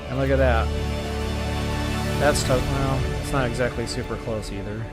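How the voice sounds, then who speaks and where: A man talking to his viewers in a relaxed, chatty way while he plays a game live. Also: mid-range voice, normal speed, over loud music. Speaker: game streamer. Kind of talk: live gameplay commentary.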